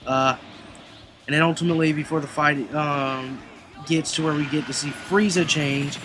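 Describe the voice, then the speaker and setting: A man's voice: a little high, fairly even intonation, moderate pace, noisy background. A man casually recapping anime episodes in a rambling way, full of fillers and restarts. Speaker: anime reviewer.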